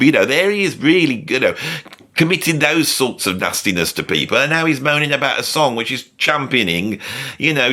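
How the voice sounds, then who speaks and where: Rambling British man, lively bright voice. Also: fairly low pitch. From Britain. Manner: rambling, self-interrupting, sardonic. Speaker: video host. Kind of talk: comedic commentary.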